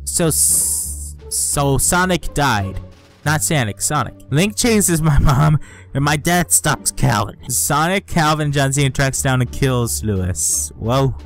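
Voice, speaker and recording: Excitable young man reacting to a game. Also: mid-range voice, takes it slowly, faint music behind. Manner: excitable, swearing, reading events aloud and reacting with shouts and laughs. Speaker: gaming channel host. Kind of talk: casual gameplay commentary.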